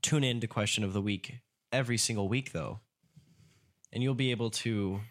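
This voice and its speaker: A man co-hosting a casual podcast, laughing often and reading tongue twisters slowly. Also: lowish voice. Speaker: podcast co-host. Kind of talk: casual chat.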